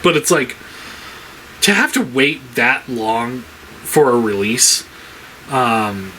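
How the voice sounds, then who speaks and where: A man's voice: medium pitch, takes it slowly, pushed and bright, slight background noise. A man ranting casually about his toy collection, rambling with lots of fillers and frequent swearing. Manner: frustrated, swears a lot, rambling with many fillers.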